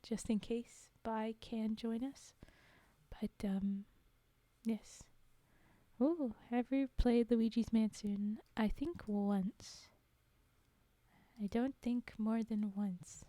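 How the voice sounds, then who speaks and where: A woman's voice: mid-range voice, flat delivery, unhurried, dark tone, dry recording. A young adult woman chatting casually with viewers on a live stream, laughing often between remarks.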